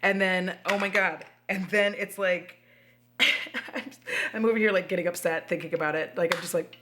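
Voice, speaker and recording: A woman's voice: on the low side, moderate pace, a little hiss or hum. Chatty woman vlogging at home. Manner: expressive, chatty, swears freely. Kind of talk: casual chat to camera.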